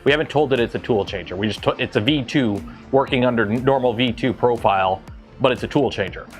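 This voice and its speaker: Canadian guy livestreaming from his garage, mid pitch, rambly, stops to answer chat, faint music behind. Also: fast talker. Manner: rambling, self-interrupting, reads chat aloud. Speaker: livestream host. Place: home garage.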